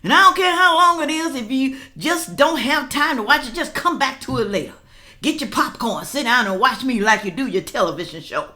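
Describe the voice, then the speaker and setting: Lively blunt older woman vlogger. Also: sits high, brisk. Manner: blunt, chatty, addresses viewers as y'all. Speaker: reaction vlogger. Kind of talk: casual commentary to viewers.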